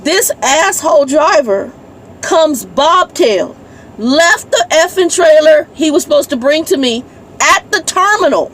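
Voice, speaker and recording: A woman's voice: sits high, lively intonation, unhurried, a bit bright. A woman truck driver, ranting bluntly and reading out her messages in a casual vlog from her truck cab. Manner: irritated, blunt, swears, reads messages aloud. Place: inside a parked truck cab.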